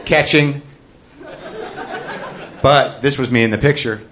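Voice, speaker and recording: A male stand-up comedian working through a confessional bit. His pitch sits in the ordinary middle range for a man. He rambles, mocks himself and keeps jumping into loud shouted mini-characters. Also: fairly even intonation, takes it slowly, a loud crowd, heavy background noise. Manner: rambling, self-deprecating confessional storytelling.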